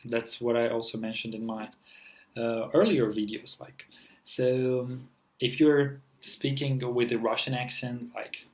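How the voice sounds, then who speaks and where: A man's voice: mid-range voice, steady tone, unhurried, rough recording. Man rambling through a casual lesson. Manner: rambling, many fillers and self-corrections. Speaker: language teacher.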